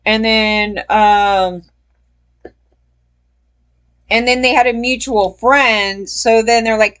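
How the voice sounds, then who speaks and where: A woman's voice: fairly even intonation, slow pace, long pauses, a bit bright, smooth. Rambling, swearing woman telling a story. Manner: rambling, swearing, laughing, pitch jumping up when emphatic. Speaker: person telling her story. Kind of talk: casual storytelling.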